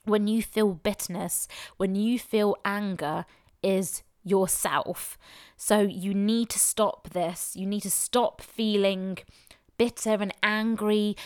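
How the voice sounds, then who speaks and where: A woman's voice: mid-range voice, no echo, studio quality. A woman hosting a motivational podcast intro, effusive and enthusiastic. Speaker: podcast host.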